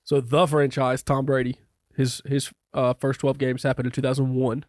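Deadpan man reading stats, dry sound. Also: medium pitch, normal speed, dry recording. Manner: deadpan, reads stats methodically. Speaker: podcast co-host. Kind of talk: casual chat.

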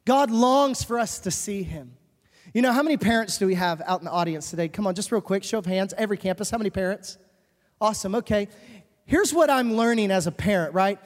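A woman's voice: medium pitch, animated, fairly quick. A woman pastor preaching a sermon in a large church hall, earnest and emphatic, repeating her key phrases. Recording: reverberant hall.

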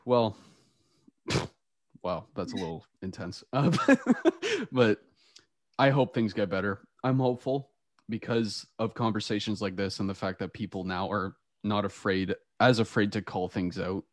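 A young podcast host, lowish-voiced and a little slow, tells animated stories in a casual chat and laughs a lot. The sound is clean studio quality with no room sound.

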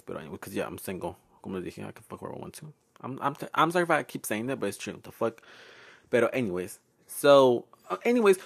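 A young man hosts his podcast alone, telling stories in a sassy, profane way. His pitch swings widely as he talks. He laughs often and drops fillers between sentences. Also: creaky. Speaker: podcast host. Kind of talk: casual storytelling monologue.

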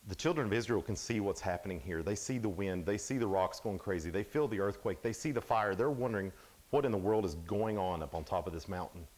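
A young adult man giving a casual, animated sermon at a youth camp, sometimes dropping to a hush. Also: lowish voice, brisk. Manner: casual, animated storytelling, drops to hushed tones.

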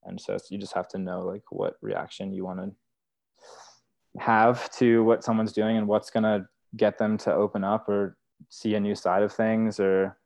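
A young man on a podcast tells stories from his wilderness therapy guide job, sounding casual and earnest and using plenty of "like" and "you know." His voice is on the low side, gravelly and darkish, with a level tone and moderate pace, recorded dry.

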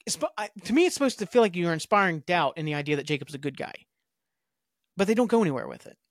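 Young male podcast host, slightly high voice, chatty and offhand, dry close sound. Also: animated, quick pace, no echo. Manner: rambling, offhand asides and shrugs. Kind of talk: casual episode recap.

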